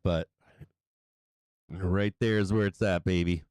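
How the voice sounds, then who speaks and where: A man's voice: on the low side, moderate pace, clean tone, no room sound, rough recording. A middle-aged man hosting a live stock market stream, chatting casually and playfully with frequent laughter. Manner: giggly, playful, often laughing and drawing words out. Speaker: stock market livestream host.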